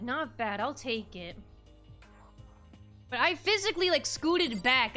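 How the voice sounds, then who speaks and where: A woman's voice: fairly high pitch, sharp tone. A woman streaming a game in casual commentary, playful and laughing often as she reads lines aloud. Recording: faint music in the background.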